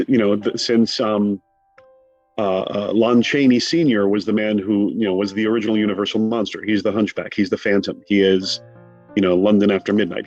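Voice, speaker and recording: A middle-aged man from the United States, a guest speaking in an animated way, with quick asides, in a conversational interview. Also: lowish voice, lo-fi sound. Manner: animated, rapid asides, mock quotes. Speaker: guest, film scholar.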